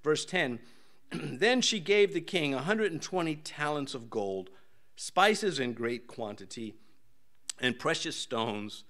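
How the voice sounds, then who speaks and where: An older male pastor gives a relaxed, joking sermon in a church. His voice sits a touch high and swings widely in pitch, and he slips into high put-on voices to act out his stories. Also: slow pace. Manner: folksy, jokey, acts out voices in high pitch. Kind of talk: casual sermon with jokes.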